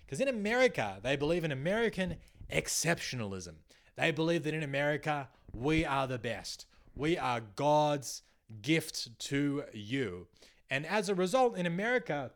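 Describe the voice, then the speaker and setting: A young man with an Australian accent riffs sarcastically in a comedic podcast monologue. His pitch swings widely and expressively from line to line, and it sits a little higher than most men's. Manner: sarcastic, animated, swears freely.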